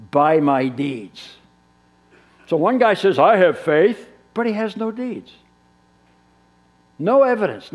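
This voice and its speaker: A male pastor preaching a sermon, animated and acting out little dialogues. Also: fairly high pitch.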